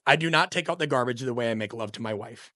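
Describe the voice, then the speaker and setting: A man's voice: mid-range voice, fast talker, sharp tone, dry recording, clean studio sound. A middle-aged man speaking as a podcast guest, an opinionated coach talking in a passionate, emphatic, ranting way. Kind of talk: podcast conversation.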